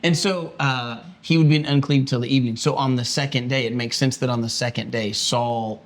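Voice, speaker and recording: A man, a pastor, teaching a conversational Bible study, acting out the quoted speech in animated bursts with frequent restarts. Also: mid-range voice, fairly quick.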